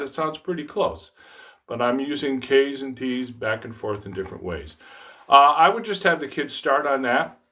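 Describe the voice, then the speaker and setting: In an instructional demonstration, a middle-aged man teaches trombone tonguing in a relaxed, self-deprecating way, voicing the articulation syllables as he explains. His voice is mid-range.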